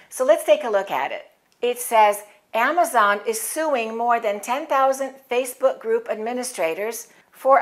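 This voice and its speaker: Woman ESL teacher, fairly high-pitched, precise deliberate diction. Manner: clear, deliberate enunciation with model words for repeating. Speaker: English teacher. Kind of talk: scripted pronunciation lesson.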